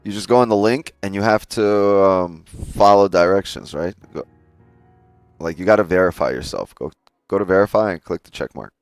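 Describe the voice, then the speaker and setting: A man's voice: low voice, normal speed, no echo, soft background music. A man hosting a casual trading live stream, talking straight to his chat in a loose, joking way and swearing often.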